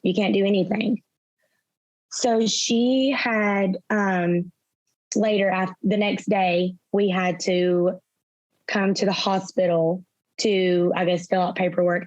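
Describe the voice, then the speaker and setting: A woman's voice: on the low side, flat delivery, a little slow, no echo. Young woman telling her story in an interview, keeps going "i was like", kinda muffled and dry sound. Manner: retells events through quoted dialogue, many "I was like". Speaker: interview guest. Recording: slightly dull, dry sound.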